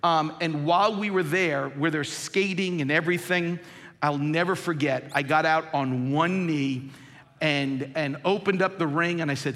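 A man in his forties preaches a sermon, his voice pitched high with a bright edge. He swings from loud, emphatic points to low, hushed storytelling. The sound carries a long reverb, as in a large church sanctuary. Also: a little slow. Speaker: pastor.

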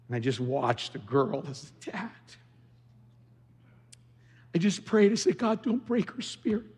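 Husky preaching man in echoing hall. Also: medium pitch. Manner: storytelling, building to loud, fervent preaching. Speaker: pastor. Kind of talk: sermon. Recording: large hall with long reverb.

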